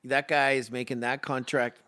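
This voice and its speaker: A man's voice: medium pitch, little pitch movement, normal speed, pushed and bright, a little hiss or hum. Rambling opinionated hockey podcast man. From Canadian prairies. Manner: rambling, opinionated fan talk. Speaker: podcast co-host. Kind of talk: casual hockey chat.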